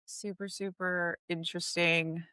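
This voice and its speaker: A woman's voice: on the low side, little pitch movement, measured pace, pushed and bright, smooth, no room sound. A woman co-hosting a podcast in casual chat. She speaks in an earnest, thoughtful, agreeable way with filler-laden asides. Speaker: podcast co-host.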